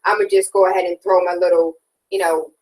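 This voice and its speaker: A woman's voice: fairly low pitch, little pitch movement, quick pace, a little mellow, recorded from a distance, a little hiss or hum, rough recording. A woman hosting a casual interview, chatty and openly emotional, encouraging her guest. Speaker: radio host.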